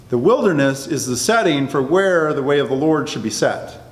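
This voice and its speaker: A man's voice: mid-range voice, lively intonation, normal speed. Man teaching a Bible class in an echoey room. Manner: conversational, checks in with the class often. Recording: echoey room, long reverb, faint noise.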